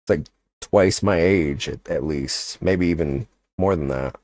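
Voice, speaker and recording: A man's voice: sits low, a little slow, darkish tone. A young man chatting casually on a livestream, rambling and joking with lots of filler words. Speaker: streamer.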